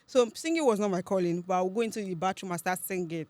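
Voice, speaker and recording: A young Nigerian-accented woman talks quickly through lively stories as a podcast guest. She laughs often and slips into the voices of the people she quotes, at a middle pitch. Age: young adult. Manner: animated storyteller, laughs often, acts out quoted speech. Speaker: guest, accent content creator. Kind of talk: casual podcast interview.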